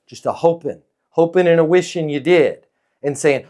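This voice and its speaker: A man coaching leasing teams in a relaxed training talk, his voice sitting slightly high. He keeps a calm, neutral, non-pushy tone and checks in with listeners constantly. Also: moderate pace. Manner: coaching, peppered with "okay?" and "right?" tags.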